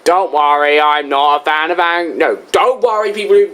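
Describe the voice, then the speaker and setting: A man's voice: a little high, normal speed, fairly bright tone. A young man giving casual, sarcastic reaction commentary on a game review. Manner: sarcastic, drawling when mocking. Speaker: video reviewer.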